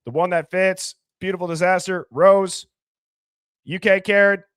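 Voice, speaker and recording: A man's voice: high-pitched, steady tone, clear, resonant tone, no room sound, clean studio sound. A man hosting a live call-in stream, greeting viewers by name in a playful, chatty way. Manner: rapid shout-outs, playful and chatty. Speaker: live call-in show host. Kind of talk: casual live-stream chat.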